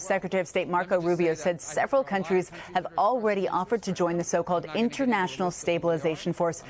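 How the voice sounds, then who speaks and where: A woman foreign correspondent reporting live in a measured, steady way. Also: lowish voice, noisy background.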